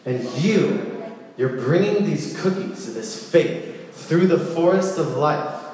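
A man giving a casual, playful sermon, telling a story with lively asides. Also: fairly high pitch, takes it slowly. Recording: echoey hall with long reverb.

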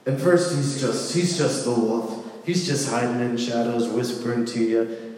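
A man delivers a relaxed, joking sermon full of storytelling asides. His voice sits mid-pitch. It rings out with a long, roomy hall reverb. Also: measured pace. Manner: playful, storytelling, animated asides. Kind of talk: casual sermon.

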